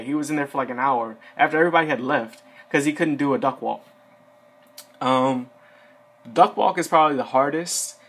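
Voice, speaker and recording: A man's voice: medium pitch, a bit bright. Chatty young man giving tips. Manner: rambling, filler-heavy, conversational. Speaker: Air Force enlistee giving advice. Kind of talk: casual advice vlog. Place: seated indoors.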